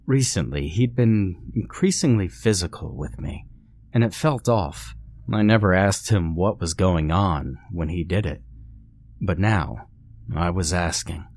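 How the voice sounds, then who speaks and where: A man narrating a scary story in a measured, dramatic storytelling way. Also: deep voice, expressive, darkish tone. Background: faint music.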